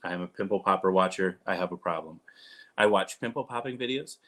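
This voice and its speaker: A vlogger in his thirties chats casually to camera, rambling, poking fun at himself and restarting often. His voice is deep and sharp, and he talks briskly.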